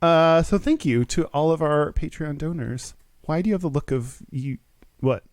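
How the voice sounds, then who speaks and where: A man with a fairly high voice cracks jokes and laughs through loose podcast banter. He sounds close to the mic in a dry, dead room with no echo. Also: moderate pace, darkish tone. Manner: jokey, laughs often. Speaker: podcast co-host.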